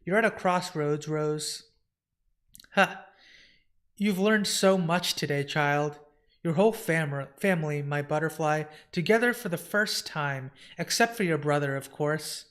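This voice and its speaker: A man's voice: a little high, a little slow, fairly bright tone. A man voicing a cryptic trio of ancient female fates with archaic endearments while reading a comic aloud.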